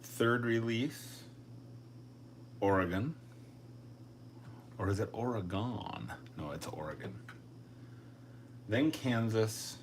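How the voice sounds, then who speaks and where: A man's voice: fairly low pitch, expressive, slow pace, long pauses, slight background noise. A man chatting casually on a live stream, thinking aloud and joking at his own expense. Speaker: coin collecting live streamer.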